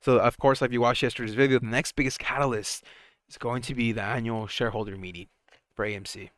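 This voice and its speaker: Young guy doing a live stock stream, hyped and rambly, smooth clear voice, dry close mic. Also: medium pitch, quick pace, dry recording. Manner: excitable, chatty, laughs often, trails off and restarts. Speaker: stock market livestream host. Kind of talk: casual live commentary.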